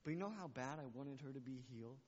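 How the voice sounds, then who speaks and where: A man's voice: mid-range voice, quick pace. A man preaching a sermon to his church, passionate and repeating phrases for emphasis. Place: church sanctuary. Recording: muffled recording with long hall reverb.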